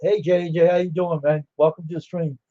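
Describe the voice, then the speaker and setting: A man's voice: on the high side, little pitch movement, brisk, muffled recording, crowd noise. Older man rambling through old stories. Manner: rambling, laughing, acts out quoted dialogue. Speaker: livestream host. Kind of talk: casual storytelling chat.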